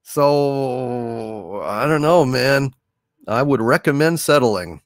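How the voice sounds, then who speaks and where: A man's voice: medium pitch, animated, takes it slowly, dry recording, clean studio sound. A man hosting a livestream and reading out donations in a theatrical, hesitant way, full of fillers and restarts. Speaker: livestream host.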